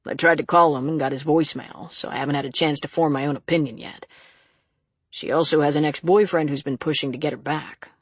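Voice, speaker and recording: A reader voicing a calm, gently probing male sheriff in an audiobook. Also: medium pitch, brisk, slightly rough, dry recording, close to an everyday voice. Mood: businesslike. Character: calm steady man, a rural sheriff. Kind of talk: audiobook character reading.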